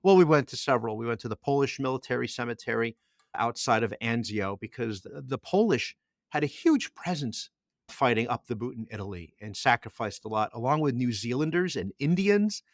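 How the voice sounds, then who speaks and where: A man's voice: mid-range voice, expressive, fairly quick. A middle-aged man co-hosting a podcast, his voice sitting in a mid range. He tells a long story and keeps restarting and repeating words. The sound is dry and close, with no room echo. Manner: rambling storyteller with frequent restarts. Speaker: podcast co-host. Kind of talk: casual podcast chat.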